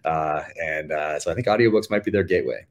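A man's voice: very deep voice, fast. A middle-aged man, an author guest on a casual podcast interview, telling stories in a rambling way with many fillers.

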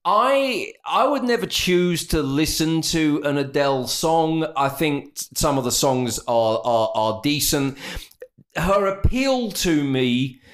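British male podcast co-host, slightly high, rambling and opinionated. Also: lively intonation. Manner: quick, rambling, opinionated with restarts. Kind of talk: casual chat.

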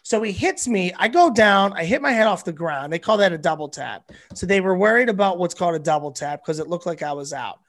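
Male comedian guest, high-pitched voice, animated and foul-mouthed storyteller. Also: brisk, few pauses. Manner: animated, profane, rambling. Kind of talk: casual storytelling.

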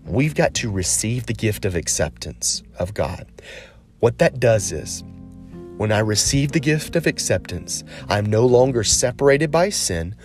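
A man preaching a sermon as a pastor, earnest and encouraging, slowing down to stress key phrases. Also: on the low side, expressive, soft background music.

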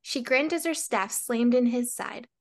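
A young woman co-hosting a book podcast, trading dry quips in casual chat and reading chapters aloud at a steady pace. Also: fairly high pitch, a little slow.

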